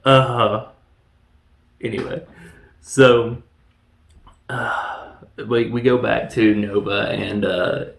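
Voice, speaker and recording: A man's voice: fairly low pitch, little pitch movement, very slow, vocal fry, pauses often. A man casually reviewing a film, laughing often and recapping scenes with mock voices. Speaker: movie reviewer. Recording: echoey room.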